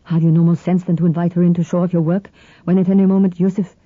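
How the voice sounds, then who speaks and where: Woman reading as a smooth Greek man in his forties. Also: fairly low pitch, expressive, normal speed, no room sound, narrow, tinny audio. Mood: genial. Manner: smooth and ingratiating. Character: burly genial Greek man, late forties, wary.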